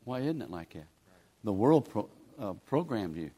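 A man's voice: on the low side, big pitch swings, moderate pace, warm tone, slightly rough. A man, preaching a sermon in a folksy, pleading, conversational way as a guest preacher. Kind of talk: sermon with altar call.

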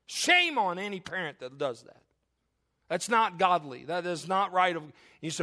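In a sharp-toned, rather high voice, a middle-aged pastor preaches animatedly at normal speed. He appeals to his congregation and pelts them with fervent rhetorical questions.

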